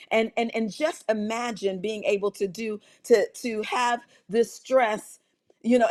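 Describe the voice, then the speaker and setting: Middle-aged woman doc telling a family story, bit high voice, chatty, keeps restarting lines. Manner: animated storytelling with many restarts and "like". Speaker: doctor and health coach. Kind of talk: personal story in a health talk.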